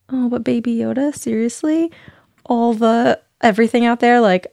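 A woman chatting casually with a friend, giggly and effusive. Her voice runs fairly high. The recording is dry and close. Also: normal speed, gravelly, darkish tone, no echo. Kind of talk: casual chat.

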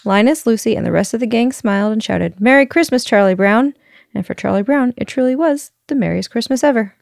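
Lively woman storyteller reading a picture book; gravelly, dry close sound. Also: a little high, quick pace, no room sound. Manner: lively, chuckles as she reads.

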